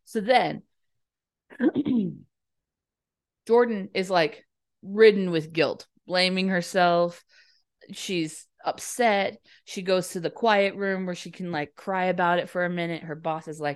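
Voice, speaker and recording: A young woman chatting casually, retelling a movie plot with lots of laughs and quick acted-out lines. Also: lowish voice. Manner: giggly, acts out lines in quick voices. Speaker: podcast co-host.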